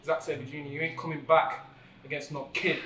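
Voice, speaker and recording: A young man with a bright, forceful voice pitched a bit high, boasting and trash-talking through a backstage wrestling promo. The mic picks him up from a distance in a roomy hallway, so the sound is echoey. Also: level tone, a little fast. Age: young adult. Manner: brash, boastful trash talk. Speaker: pro wrestler. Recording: roomy hallway audio from far off.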